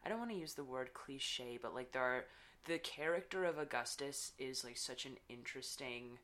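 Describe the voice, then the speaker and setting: Giggly, bright-voiced woman podcaster. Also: extremely low pitch, expressive, normal speed. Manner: laughs often, rambling with many fillers. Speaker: podcast co-host. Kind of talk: casual book chat.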